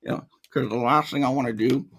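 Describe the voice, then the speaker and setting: Sarcastic gravelly talk show host man. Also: medium pitch, quick pace, background noise. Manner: sarcastic, animated, mocking voices. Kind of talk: opinionated commentary.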